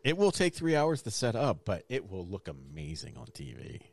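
A man co-hosting a podcast who chats casually and cracks quick jokes. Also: sits low, huge pitch swings, vocal fry, a crowd in the background. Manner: wisecracking quips. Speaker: podcast co-host. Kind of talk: casual chat.

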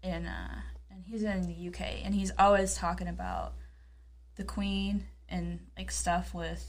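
A woman's voice: lowish voice, level tone, unhurried. A woman in casual chat, rambling with lots of fillers.

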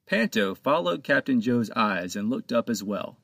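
A man narrating his own children's pirate storybook in a lively, expressive reading, close to the mic. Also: medium pitch, normal speed, gravelly, dry recording. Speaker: author and narrator.

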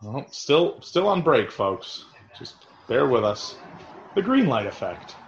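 A man's voice: mid-range voice, slow pace, creaky. A man co-hosting a podcast, chatting crudely and laughing as he comments on a movie. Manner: animated, crude, laughing, acts out quotes. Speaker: podcast co-host. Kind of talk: casual movie commentary chat. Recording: roomy, dull lo-fi podcast audio.

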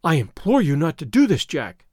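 A man's voice: fairly high pitch, huge pitch swings, moderate pace, a little mellow, slightly rough, dry recording, studio quality, full character voice. A man voicing a frightened young wife, breathless and imploring, in an audiobook reading. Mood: pleading. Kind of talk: audiobook character voice.

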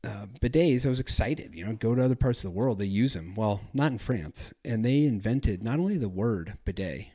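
A man's voice: fairly low pitch, animated, a little fast, few pauses, dark tone. A man hosting a travel podcast, chatting casually in a rambling, self-correcting way. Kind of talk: casual solo podcast talk.

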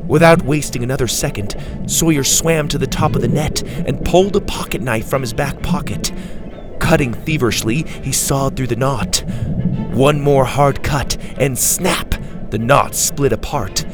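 A man narrating a children's adventure storybook in a calm, expressive way. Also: medium pitch, normal speed. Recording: faint music behind.

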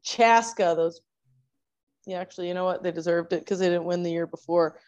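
A young woman from Minnesota recounts stories in careful detail during a casual chat. Her voice sits a little low for a woman. The recording sounds dull and slightly lo-fi. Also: fairly quick, a little mellow. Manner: storytelling, detailed.

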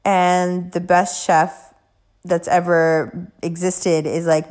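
A woman giving a casual motivational talk, telling an animated story and swearing casually. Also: fairly low pitch, takes it slowly. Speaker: motivational speaker.

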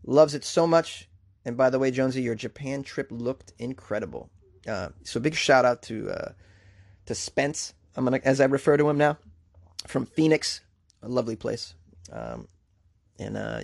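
Rambling podcast host with a dry sound. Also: male voice, mid-range voice, gravelly, no room sound. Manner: loose and rambling, with many fillers. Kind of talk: casual podcast chat.

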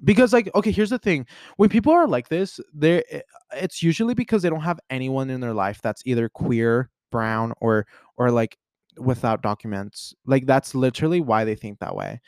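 A man's voice: medium pitch, moderate pace, a little mellow, no echo, clean studio sound. A young American man hosting a casual solo podcast, rambling along with lots of "like" and restarts in a playful way. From United States. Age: young adult. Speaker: podcast host.

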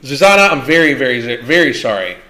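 A man's voice: medium pitch, very animated, fairly quick, sharp tone. A man hosting a livestream Q&A, talking in a blunt, profane and combative way. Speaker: livestream host. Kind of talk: livestream Q&A rant.

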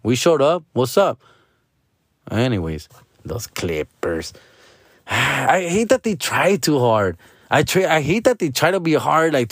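A man rants about sports to his viewers, swearing and peppering his talk with slang like dog and fool. His pitch swoops up and down in lively bursts. The sound is dry and close, with no room echo. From Los Angeles. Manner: profane, slangy, keeps calling the listener dog and fool. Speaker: sports fan vlogger. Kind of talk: casual ranting monologue.

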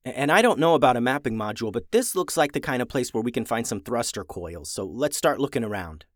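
A man voicing a cautious, curious young boy who asks quick questions. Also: mid-range voice, sing-song, dry recording, clean studio sound, close to an everyday voice.

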